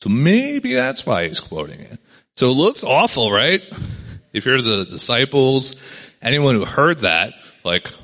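A man's voice: mid-range voice, wildly swooping pitch, a little slow, pushed and bright. A man giving a casual, conversational sermon to a gathered group, often checking in with "right?" as he reads and explains a passage. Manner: conversational, keeps asking "right?". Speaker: pastor.

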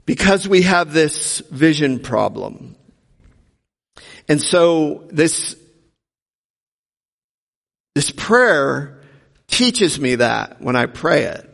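A man's voice: fairly high pitch, very animated, drawn-out words, vocal fry, pauses often, fairly bright tone. A man preaching a sermon as a pastor, retelling a story earnestly and asking the congregation rhetorical questions. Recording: long reverb of a large hall.

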